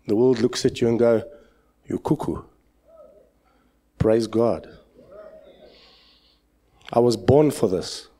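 Speaking slowly and leaving long pauses, a South African pastor delivers a heartfelt sermon in church. He moves back and forth between loud cries and quiet asides.

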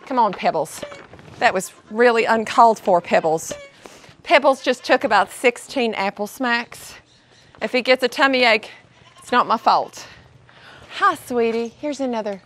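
Brief: bubbly high-voiced woman host, goofy kids' show chatter. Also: measured pace, fairly bright tone. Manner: goofy, chatty, talks to the animals. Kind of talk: playful educational kids' vlog. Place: outdoor animal sanctuary.

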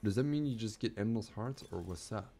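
A young man streaming a strategy game, talking to himself and chat, swinging from low muttering to excited yelling. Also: fairly quick, faint music behind. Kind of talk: casual game commentary.

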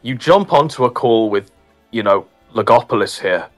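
A man's voice: mid-range voice, animated, normal speed, soft background music. A man in a casual group voice call, scolding in mock-grandiose phrasing.

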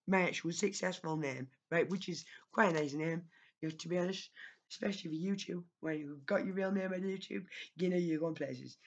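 Husky-voiced woman on a rambling rant. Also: lowish voice, highs cut off. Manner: rambling, scolding. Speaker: YouTuber. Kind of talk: casual vlog rant. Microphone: home microphone.

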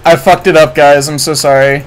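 A man giving live commentary while streaming a game, excitable and prone to swearing and sudden shouts. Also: fairly high pitch, moderate pace, rough recording.

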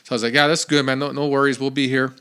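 A man hosting his own podcast, telling a story in a chatty, animated way with lots of fillers. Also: medium pitch, racing, clear, resonant tone. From Phoenix, Arizona area. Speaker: podcast host. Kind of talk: casual solo podcast storytelling.

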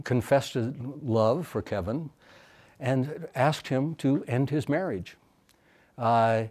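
A man giving an academic lecture as a professor, talking thoughtfully and haltingly with many fillers and restarts. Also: mid-range voice, darkish tone.

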